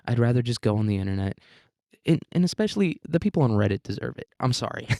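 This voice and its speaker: A man's voice: medium pitch, sing-song, fast, mellow, no echo, clean studio sound. A man hosting a solo podcast, talking casually in a rambling, profane, self-mocking way and laughing often. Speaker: podcast host.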